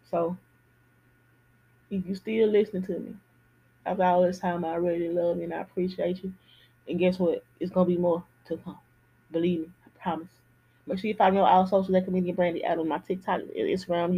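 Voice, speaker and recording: A woman's voice: fairly low pitch, breathy edge, highs cut off. A woman hosting a podcast, talking candidly in a casual personal monologue and repeating phrases for emphasis. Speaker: podcast host.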